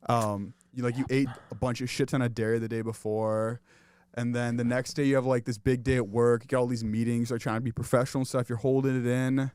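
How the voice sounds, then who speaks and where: A man's voice: mid-range voice, flat delivery, fairly quick, darkish tone, clear, resonant tone, no room sound. A young man co-hosting a podcast, rambling through gross-out talk in casual chat. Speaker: podcast co-host.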